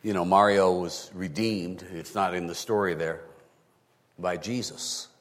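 A man's voice: measured pace, a little hiss or hum. Man preaching in a reverberant hall. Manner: animated, rising to high emphatic bursts. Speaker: pastor. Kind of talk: sermon.

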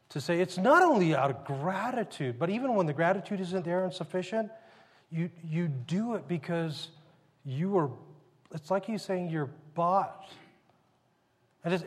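A man's voice: high voice, breathy edge, long reverb tail. A man preaching a sermon in a conversational storytelling manner, often restarting his sentences. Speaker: pastor.

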